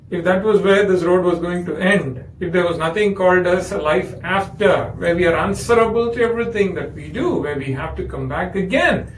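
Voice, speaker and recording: In an echoey room with a distant mic, a high-voiced spiritual speaker with an Indian English accent animatedly tells a story in a discourse, acting out its characters. The rough recording carries a little hiss or hum.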